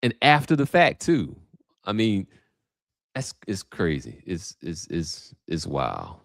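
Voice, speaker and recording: A man's voice: low-pitched, huge pitch swings, slow, gravelly, no echo, studio quality. A man hosting a livestream, talking casually and thinking aloud with many restarts. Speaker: host. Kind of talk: livestream commentary.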